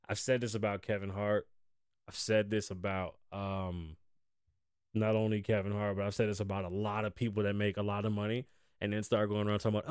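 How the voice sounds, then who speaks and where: A man hosting a podcast in casual chat, blunt and profane, shifting between low, weary venting and loud, hyped bursts. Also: little pitch movement, a little fast, smooth, no echo, clean studio sound. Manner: profane, blunt and frank, slangy. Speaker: podcast host.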